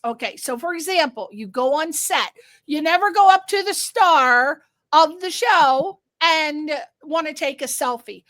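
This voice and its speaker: A woman's voice: high-pitched, animated, measured pace, fairly bright tone, no room sound. A woman from Connecticut hosting a live interview show, chatty and enthusiastic. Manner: chatty, enthusiastic, laughing often. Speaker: host.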